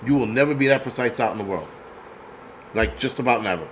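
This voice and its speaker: A man's voice: mid-range voice, animated, quick pace, fairly bright tone, a little hiss or hum. A man hosting his own channel, ranting bluntly and profanely in casual commentary with many restarts. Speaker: channel host.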